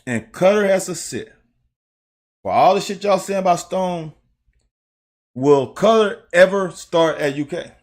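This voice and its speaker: A man's voice: high voice, lively intonation, a little slow, pauses often. Blunt, profane Southern American man. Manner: blunt, profane, talks straight to chat viewers. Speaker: host, former player breaking down game film. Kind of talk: casual live-stream commentary.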